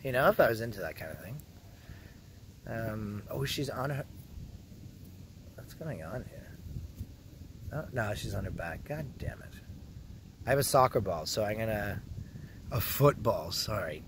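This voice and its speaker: A young man from Canada rambling crudely through a casual vlog, joking a lot and often dropping to a hushed mutter, recorded outdoors in a public spot. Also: fairly low pitch, animated, measured pace, long pauses, a little hiss or hum. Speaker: vlogger.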